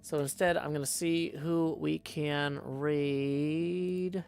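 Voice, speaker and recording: A man's voice: fairly high pitch, steady tone, takes it slowly, vocal fry, a little mellow, smooth. A man chatting casually on a live stream while he plays. He hums tunelessly, mutters to himself and slips in dry joking asides. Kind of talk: casual livestream chat while playing.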